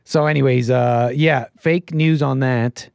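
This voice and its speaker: Male live-stream host, rambling casual commentator at mid pitch, dry close-mic sound. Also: vocal fry, a little mellow, smooth, no echo. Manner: rambling, chatty, laughs at his chat, many restarts.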